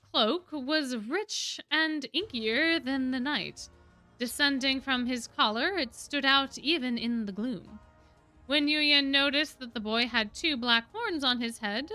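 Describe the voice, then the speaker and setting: A woman reading a novel aloud on a stream, expressive, often dropping her voice for emphasis. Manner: expressive, with frequent drops in pitch and volume for emphasis.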